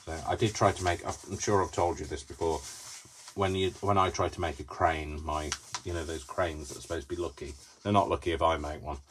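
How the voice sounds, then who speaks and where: A man with a very low voice hosts a live craft demonstration, chatty and prone to giggling. He is tired and giddy from little sleep and keeps talking to himself as he folds. The recording carries a steady layer of background noise. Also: brisk. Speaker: crafting video host.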